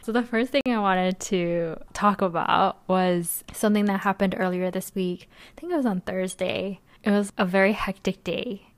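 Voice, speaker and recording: A woman's voice: mid-range voice, moderate pace, hardly any pauses, no echo. A young woman co-hosting a podcast, telling a rambling story in casual chat, full of "like"s and laughter. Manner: chatty, rambling, many "like"s, laughs often. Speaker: podcast co-host.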